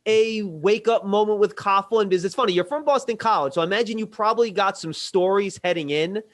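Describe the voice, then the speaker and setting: A man with a somewhat high voice hosts a sports interview. He asks long, easygoing questions in a chatty way. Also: fairly quick. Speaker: interviewer, host. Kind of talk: casual interview.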